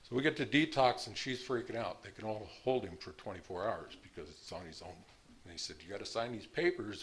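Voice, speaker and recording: A man's voice: fairly low pitch, fairly bright tone, a little hiss or hum. A man in his sixties telling his own story in a blunt, plain-spoken way, now and then laughing at his past. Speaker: speaker sharing his recovery story. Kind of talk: personal storytelling.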